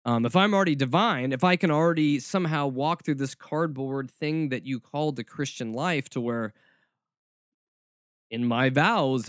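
A man's voice: medium pitch, expressive, moderate pace, dry recording. A man hosting a podcast, talking in a snarky, rambling monologue with frequent restarts, close to the mic. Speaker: podcast host. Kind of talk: casual monologue.

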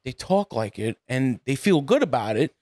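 An American man co-hosting a podcast, talking in an animated way, swearing freely and laughing often. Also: medium pitch, normal speed, no room sound, clean studio sound. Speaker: podcast co-host. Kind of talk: casual podcast chat.

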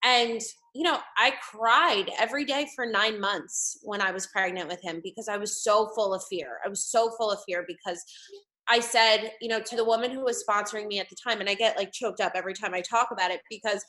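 A woman's voice: medium pitch, brisk, pushed and bright. A woman in her thirties from New Jersey, telling her personal recovery story openly as an interview guest, with frequent "you know"s. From New Jersey, USA. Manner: open and heartfelt, peppered with "you know".

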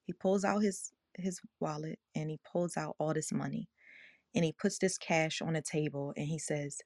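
A woman's voice: on the low side, brisk, no room sound, clean studio sound. A woman hosting an online audio room, telling a personal story in a passionate, emotional, earnest way. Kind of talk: passionate motivational talk.

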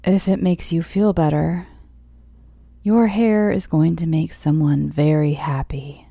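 Woman doing a hushed, menacing male surgeon. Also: low-pitched, fairly even intonation, unhurried, gravelly, breathy edge, no echo, full character voice. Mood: cold. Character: calm menacing male surgeon, middle-aged.

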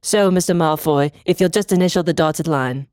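A podcaster voicing a bright, businesslike young girl with a clipboard in a fan fiction reading. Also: medium pitch, no room sound, studio quality, lightly acted. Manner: brisk and bright.

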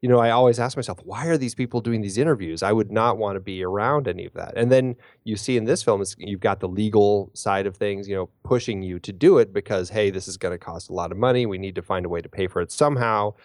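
A man's voice: on the low side, fast, hardly any pauses, darkish tone, no echo, studio quality. A man co-hosting a casual film podcast, hesitant, with many fillers and restarts. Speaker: podcast co-host.

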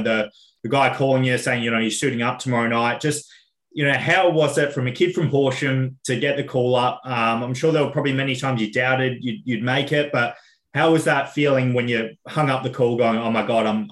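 A male podcast host puts a question to his guest at a mid pitch, feeling his way through it with fillers and restarts. His voice rings with a roomy echo. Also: fairly bright tone. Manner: hesitant, full of fillers and restarts. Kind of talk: casual interview questions.

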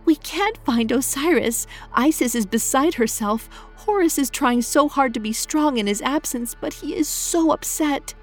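A tender goddess with a soft, hushed, breathy voice, as a woman narrator puts her on. She sits higher than the narrator's own low voice and carries a gentle, gravelly grain. She speaks adoringly, in a storybook reading. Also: normal speed, faint music behind. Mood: distraught.

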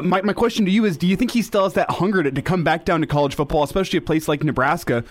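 A man co-hosting a sports radio show, asking a brisk question with a few repeated words. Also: a little high.

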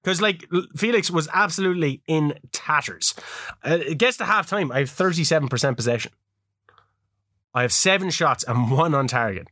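A man co-hosting a casual chat, his voice bright and a touch high. He tells stories with animated energy, swearing freely and laughing often. The sound is dry and close to the mic. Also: normal speed, no room sound. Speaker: podcast co-host.

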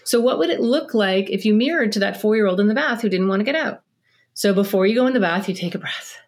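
An animated middle-aged woman talks as a guest on a parenting podcast. She explains with plenty of energy, moves quickly from point to point, and slips into little acted-out scenes between parents and children. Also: mid-range voice. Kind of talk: podcast interview.

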